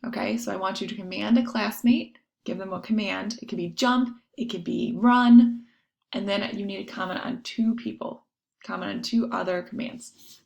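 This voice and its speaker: Lady teacher going through a spanish lesson, kinda gravelly voice, walks through it step by step. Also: mid-range voice, normal speed, a little mellow. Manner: patient, explaining step by step with examples. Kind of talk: recorded online lesson.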